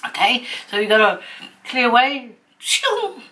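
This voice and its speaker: Kiwi lady vlogging while eating, lowish voice, rambles and laughs a lot. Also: a little slow, a bit bright, rough recording. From New Zealand. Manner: chatty, rambling, laughs often. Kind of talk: casual chat while eating on camera.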